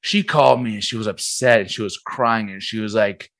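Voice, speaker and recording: A man's voice: lowish voice, brisk, a bit bright, dry recording. A young man, co-hosting a podcast and telling a rambling story in casual chat, acting out what others said. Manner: rambling, acts out quoted voices. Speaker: podcast co-host.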